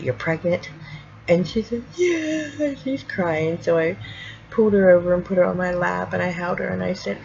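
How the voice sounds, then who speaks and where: A middle-aged woman chats through family stories in a casual vlog. Her voice sits low with a gravelly fry, and she rambles with fillers and acts out what others said. The home recording is dull and lo-fi, with steady noise behind her. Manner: rambling, full of fillers and acted-out quotes. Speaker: vlogger. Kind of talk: casual storytelling.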